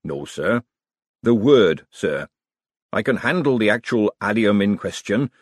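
A man's voice: on the low side, sing-song, measured pace, no room sound, clean studio sound. A man voicing a nervous, hapless male chef who talks apologetically and miserably.

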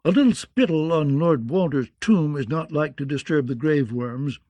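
A man voicing a sly, measured counselor. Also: a little high, warm tone, dry recording, lo-fi sound, natural voice. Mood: insinuating.

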